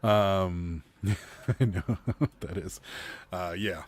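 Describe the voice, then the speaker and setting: A man's voice: sits low, steady tone, very slow. A man hosting a casual reseller livestream, rambling through stories and laughing often. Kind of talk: casual chat.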